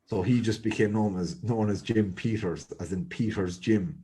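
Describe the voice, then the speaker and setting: Husky low-voiced Irish man chatting. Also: moderate pace, dark tone. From Ireland. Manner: rambling, filler-heavy storyteller. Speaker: podcast co-host. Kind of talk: casual chat.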